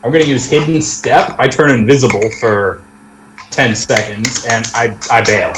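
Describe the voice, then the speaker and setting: A man's voice: medium pitch, moderate pace. A man playing a tabletop game, eager and blurting. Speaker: player. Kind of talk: casual tabletop play. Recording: echoey room with clear noise.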